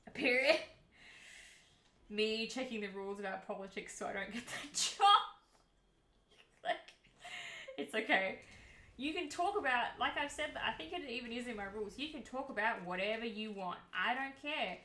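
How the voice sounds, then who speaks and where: A woman's voice: a little high, expressive, moderate pace, pauses often, bright, forceful tone. A woman streamer chatting casually and candidly to her viewers, heated at times and swearing freely. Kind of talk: casual livestream chat. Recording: roomy echo.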